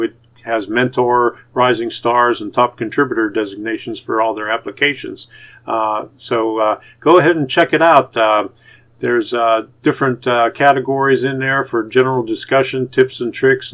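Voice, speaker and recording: A man from Pittsburgh with a Pittsburgh accent, giving YouTube channel tips in a casual, halting way full of "uh" fillers and restarts. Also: medium pitch, a bit bright. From Pittsburgh, USA. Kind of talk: casual tutorial talk to camera.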